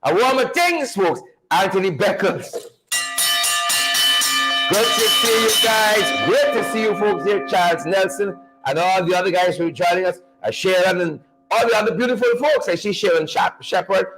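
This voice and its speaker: A Guyanese man hosting a livestream, greeting viewers one by one by name in a playful, animated way. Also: high voice, moderate pace, music in the background, low-quality recording. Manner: animated, playful, repeats phrases for emphasis. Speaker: livestream show host.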